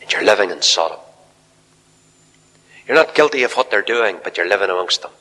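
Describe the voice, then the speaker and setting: A man preaching a fiery revival sermon in a large church hall, swinging from shouted appeals to hushed near-whispers. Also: fairly low pitch, animated, fairly quick.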